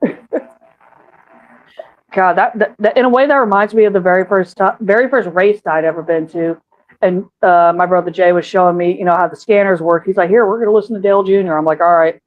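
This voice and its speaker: A woman with a lowish voice on a tinny, phone-like line, chatting loosely on a podcast. She swears freely and laughs a lot. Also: brisk. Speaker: podcast co-host. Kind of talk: casual chat.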